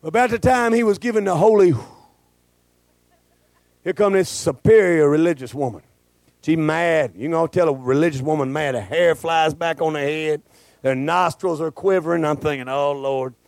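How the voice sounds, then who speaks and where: A male pastor, preaching a folksy, joking sermon that swells into shouting. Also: fairly high pitch, normal speed, vocal fry, dry recording.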